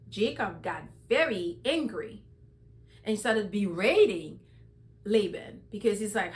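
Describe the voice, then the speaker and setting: A woman's voice: medium pitch, animated, takes it slowly. A woman hosting a casual Bible reading commentary, retelling the story conversationally with lots of "you know". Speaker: host.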